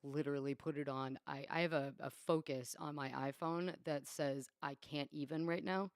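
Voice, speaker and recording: A woman's voice: deep voice, steady tone, normal speed, no echo, clean studio sound. A woman co-hosting a podcast in casual chat, teasing her partner and laughing often. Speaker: podcast co-host.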